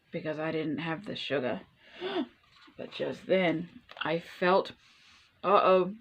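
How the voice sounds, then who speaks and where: A woman reading a children's story aloud in an animated, playful way, asking the listener questions as she goes. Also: mid-range voice, highs cut off. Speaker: storytime reader.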